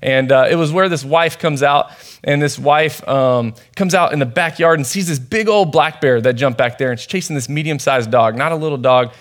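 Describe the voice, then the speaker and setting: A man's voice: fairly high pitch, moderate pace. Young man giving a casual sermon. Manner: conversational, storytelling, many fillers. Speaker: youth pastor preaching. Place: church.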